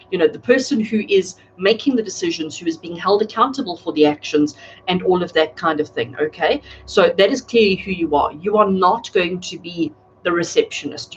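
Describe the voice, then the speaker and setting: A woman's voice: fairly low pitch, muffled recording, a little hiss or hum. A woman giving tarot readings on a live stream, talking chattily and addressing viewers by name. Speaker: tarot reader. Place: home, speaking live to a camera.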